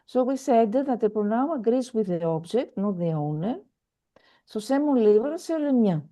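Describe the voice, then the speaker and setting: A woman's voice: a little high, lively intonation, normal speed, mellow. A woman teaching a French lesson over a video call, patient and repetitive, with many fillers. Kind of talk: online language lesson.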